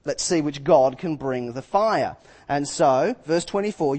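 A man preaching a sermon, retelling scripture with lively acted-out quotes. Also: fairly high pitch, normal speed, in a large hall.

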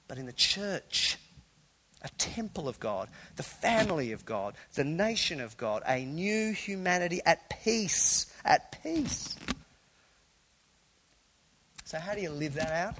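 A man preaching a sermon to a congregation in a church, animated and conversational, with playful asides. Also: a little high, a little hiss or hum, rough recording. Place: church hall before a congregation.

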